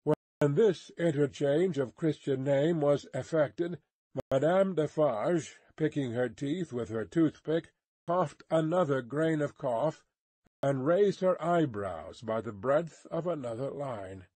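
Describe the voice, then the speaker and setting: Male narrator, unhurried and deliberate, dry close recording. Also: a little high, warm tone, no echo. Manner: slow, careful reading. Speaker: audiobook narrator. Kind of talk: scripted narration of a classic novel.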